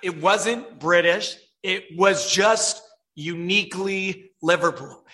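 A man, a film director, telling animated stories as an interview guest and acting out the voices of others. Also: high-pitched, slow. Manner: animated storyteller, reenacts voices.

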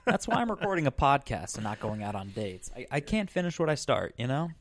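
A man's voice: mid-range voice, sing-song, fairly quick, a little hiss or hum. A man hosting a podcast in casual chat, explaining things in a rambling way with lots of "like" fillers. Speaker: podcast host.

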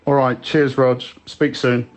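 A man leaving rambling, halting voicemail messages for a friend, with many restarts. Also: mid-range voice, flat delivery, close to an everyday voice. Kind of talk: improvised comedy voicemails.

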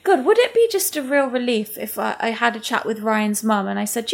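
A woman talks in a slightly high voice. She is candid and blunt in casual podcast chat and swears freely. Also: animated, brisk, creaky, hardly any pauses.

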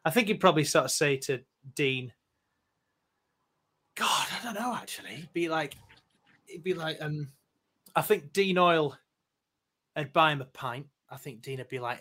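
A man's voice: on the high side, expressive, normal speed, long pauses, pushed and bright. A man chatting as a podcast guest, self-deprecating and prone to stumbling restarts. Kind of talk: casual podcast chat.

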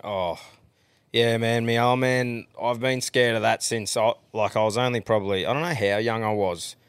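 A man's voice: medium pitch, fairly even intonation, normal speed, clean tone, dry recording. A man with an Australian accent hosting a casual podcast chat, blokey and swearing freely. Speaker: podcast host.

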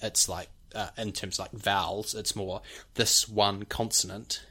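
A man's voice: fairly low pitch, fairly even intonation, unhurried, bright, forceful tone, husky. A man with a New Zealand accent casually explaining things like a teacher on a podcast. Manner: explanatory, teacherly, demonstrates speech sounds.

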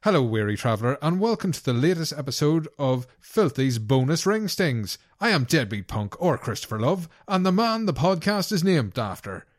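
A man co-hosting a casual gaming podcast with a teasing, playful manner. His pitch swings widely as he jokes. The recording is dry and close. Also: very animated, moderate pace, hardly any pauses, no room sound. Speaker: podcast co-host. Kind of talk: casual banter.

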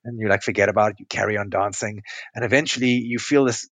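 A man's voice: fairly low pitch, fairly even intonation, quick pace, a bit bright, dry recording. A man speaking as a relationship coach and podcast guest, patiently explaining ideas through metaphors and checking whether they make sense. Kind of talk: conversational interview explanation.

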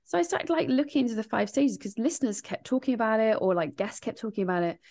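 Animated, rambling woman guest, swearing freely. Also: on the high side, fast talker. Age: adult, grieving since 1998. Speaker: guest, grief podcast host and author. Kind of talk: casual interview chat.

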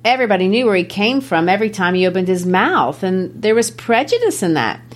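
A woman's voice: medium pitch, big pitch swings, brisk. A woman with a Memphis, Tennessee accent, co-hosting a literary discussion in an explanatory, lecture-like way. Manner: explanatory, lecture-like, quotes texts. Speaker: podcast co-host.

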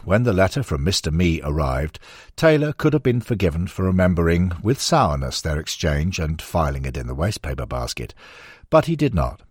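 Deep, husky male audiobook narrator. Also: no echo, clean studio sound. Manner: measured storytelling.

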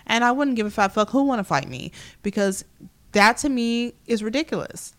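A woman's voice: fairly high pitch, animated, moderate pace, fairly bright tone. A woman co-hosting a casual chat among friends, telling a story in a blunt, profane way. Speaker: podcast co-host.

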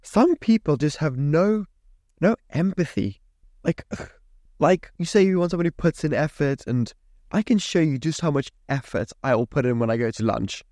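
A man's voice: fairly high pitch, lively intonation, normal speed, darkish tone, no echo, clean studio sound. A young man hosting a podcast, ranting in a sweary, mock-indignant way. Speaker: podcast host. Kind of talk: solo podcast rant.

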